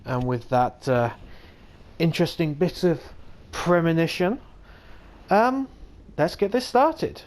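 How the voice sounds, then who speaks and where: A man's voice: on the high side, takes it slowly. A man giving casual gameplay commentary in a hesitant, self-deprecating way with many fillers. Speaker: let's play gamer.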